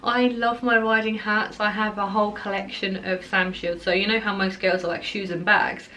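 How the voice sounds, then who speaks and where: A woman's voice: mid-range voice, level tone, moderate pace, pushed and bright. Young essex girl rattling through a chatty vlog q&a, lots of ums and likes, bit of hiss behind. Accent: Essex English. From Essex, England. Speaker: equestrian vlogger. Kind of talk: casual Q&A vlog.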